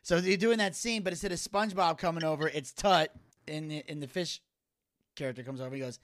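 On a podcast he co-hosts, a man with a fairly high voice talks fairly quickly in a casual chat. He's an animated storyteller, acting out voices as he retells a funny video and laughing often.

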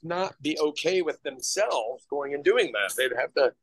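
Man, working chef, casual podcast storyteller; a bit high-pitched, frank, swears easily. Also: lively intonation, measured pace, breathy edge, no room sound. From Kansas City area, USA. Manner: candid, self-deprecating, swears casually.

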